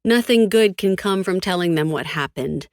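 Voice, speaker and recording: A woman narrating a first-person audiobook in a cold, flat, defiant tone, with frequent swearing. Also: fairly low pitch, moderate pace, no room sound, studio quality.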